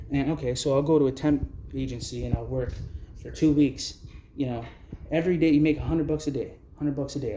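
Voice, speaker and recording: A man from Canada bluntly vents about his experience of homelessness, agitated and swearing often in this angry vlog testimony. His pitch is medium, the sound is roomy, and the background is noisy.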